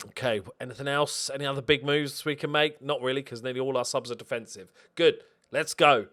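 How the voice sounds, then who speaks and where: A man hosting a football management game playthrough, commentating in an excitable, sarcastic, self-mocking way. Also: medium pitch, a little fast. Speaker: let's play host. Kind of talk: gaming commentary.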